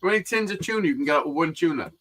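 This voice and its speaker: Welsh man, fast and bright, teasing banter with swearing. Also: a little high, expressive. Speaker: live stream panel guest. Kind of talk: casual banter.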